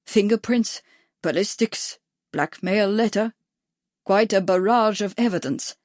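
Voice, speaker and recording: A woman putting on a gruff, commanding older royal man with a German accent, heavy-set and used to being obeyed, from an audiobook. The sound is close and dry. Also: mid-range voice, measured pace, darkish tone, no echo, close to an everyday voice.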